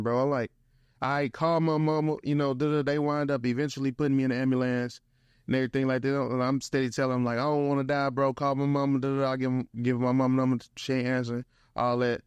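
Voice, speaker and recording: The sound here is close, dry, and lo-fi, with no room echo, as a young St. Louis motivational speaker tells a casual story as a guest. He talks fast in a smooth, mid-range voice, animated and slangy, with "bro" sprinkled throughout.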